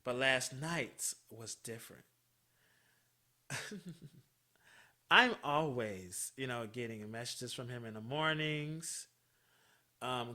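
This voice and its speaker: Bright-voiced chatty man telling a story. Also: mid-range voice, slow pace, long pauses. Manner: chatty, animated, swears freely, laughs often. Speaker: podcast host. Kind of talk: casual storytelling monologue.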